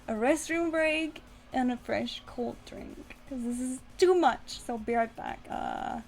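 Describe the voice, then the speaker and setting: A woman's voice: high voice, slow, hardly any pauses. A woman streamer chatting casually with her viewers and reading text-adventure story passages aloud.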